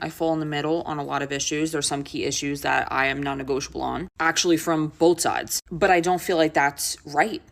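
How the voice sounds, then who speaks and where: Low-voiced woman, earnest vlog commentary on politics. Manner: earnest, explanatory.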